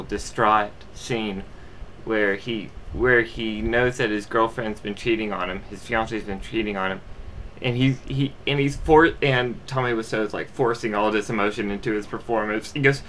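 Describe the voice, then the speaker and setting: A man's voice: medium pitch, pushed and bright, a little hiss or hum. A young man giving a casual movie review, rambling with lots of fillers and restarts.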